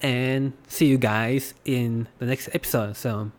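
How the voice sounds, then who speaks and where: A man gives a laid-back language lesson at a mid pitch, easing through his points with plenty of fillers and small restarts. His delivery is loose and unhurried. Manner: relaxed, hesitant, many fillers. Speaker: podcast host teaching Japanese. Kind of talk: casual spoken lesson.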